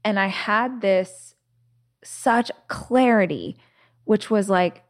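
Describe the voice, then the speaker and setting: A woman's voice: medium pitch, slow pace, darkish tone. A woman hosting a podcast, talking casually and telling stories with lots of fillers and restarts. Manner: chatty storyteller, many "like"s and restarts. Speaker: podcast host. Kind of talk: casual conversation.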